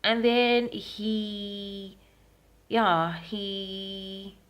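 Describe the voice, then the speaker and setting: A woman's voice: medium pitch, flat delivery, drawn-out words. A young Zimbabwean woman recording a personal video diary at home, retelling events frankly with frequent ums. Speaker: vlogger. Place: at home in Harare.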